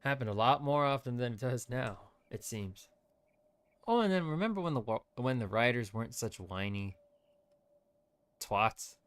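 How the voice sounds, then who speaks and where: A man's voice: medium pitch, animated, moderate pace, long pauses, a bit bright, smooth. A man streaming gameplay, ranting with strong opinions in loose, rambling commentary. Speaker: VTuber streamer.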